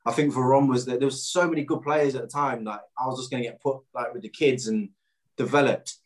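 A man at an everyday middle pitch spins an animated story from his playing days. He talks casually and doubles back on himself. He fills the telling with "um"s and acted-out lines from other people. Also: brisk. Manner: animated anecdote-telling with quoted dialogue and frequent fillers. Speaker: former footballer guest.

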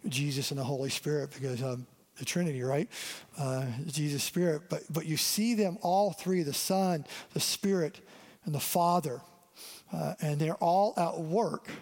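A man's voice: fairly high pitch, darkish tone. A man, a lead pastor, delivering a conversational sermon and asking his listeners questions. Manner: conversational, asks the audience questions. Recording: long reverb of a church hall.

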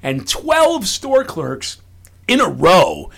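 A man's voice: high voice, very slow, vocal fry. A man with a Chicago accent, a comedian guest ranting sarcastically in casual radio chat. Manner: sarcastic ranting with animated put-on voices.

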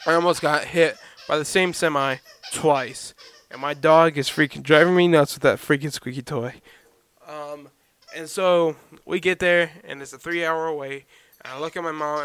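A young man from Oklahoma hosting his own podcast at home, telling a rambling, animated story in casual chat and breaking off to scold his dog. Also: on the high side, clean tone. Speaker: podcast host.

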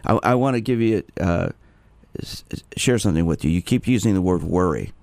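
Male call-in radio host, low voice, dry booth sound, halting with restarts. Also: lively intonation, vocal fry, a little mellow, dry recording. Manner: restarts and repeats words while speaking.

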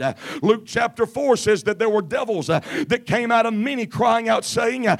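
High, gravelly shouting preacher man. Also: animated, a little slow. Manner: chanting, shouted cadence with frequent "uh" fillers; drops to quiet, low delivery at times. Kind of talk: Pentecostal sermon. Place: church.

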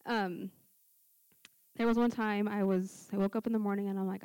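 A woman's voice: mid-range voice, fairly even intonation, moderate pace, a little mellow, clear, resonant tone, no echo. A young woman sharing a personal testimony at church, telling it as a story with acted-out dialogue. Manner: storytelling, acts out quoted dialogue. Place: church service. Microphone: handheld mic.

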